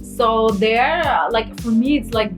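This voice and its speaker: A woman's voice: a little high, a little slow. Young woman, Austrian German accent, interview guest, easy laughter, hesitant fillers, faint music underneath. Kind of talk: casual interview chat.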